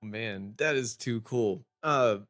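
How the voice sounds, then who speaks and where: A man's voice: medium pitch, a bit bright, dry recording, studio quality. A man hosting a podcast interview, listening closely and chiming in with short affirmations. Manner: attentive, quick backchannel affirmations. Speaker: podcast host.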